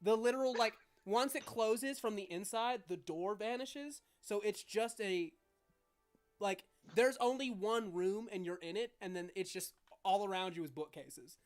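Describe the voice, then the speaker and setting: A woman's voice: medium pitch, measured pace, faint music behind. A woman narrating a tabletop game as game master, rambling with many fillers and frequent laughs.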